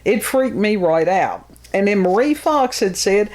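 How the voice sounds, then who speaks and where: A woman's voice: medium pitch, expressive, a little slow, hardly any pauses, a little mellow. A woman hosting a casual podcast chat, blunt and exasperated, often sighing and laughing. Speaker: podcast host.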